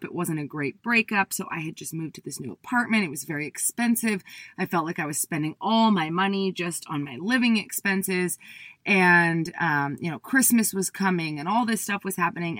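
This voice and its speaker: A woman in her thirties giving a talk, telling a personal story with lively acted-out quotes of her past self. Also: no echo. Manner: animated, acts out her own past voice in high bursts. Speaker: speaker.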